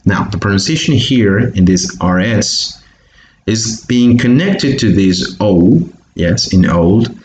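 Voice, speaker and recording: This English teacher has a lowish, darkish voice with lively intonation and takes things slowly. With a Bolivian Spanish accent, he patiently repeats example sentences for pronunciation in an online lesson, amid room echo and faint background hiss.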